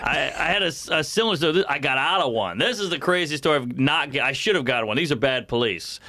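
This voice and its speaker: A man from New Orleans, a comedian guest in a casual chat, tossing off quick joking quips. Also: a little high, dry recording. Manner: quick deadpan quips and jokes.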